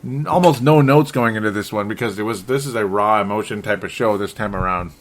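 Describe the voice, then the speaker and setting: A man's voice: fairly low pitch, brisk, slight background noise. A man hosting a solo sports talk show, frustrated and rambling, often correcting himself and chuckling. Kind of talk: solo sports podcast commentary.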